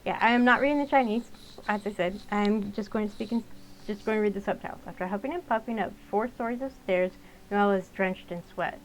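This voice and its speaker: A woman's voice: mid-range voice, brisk, a little hiss or hum, poor audio. A young woman narrating a visual novel and chatting casually between lines, with fillers. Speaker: gaming channel host. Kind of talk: let's-play narration and casual commentary.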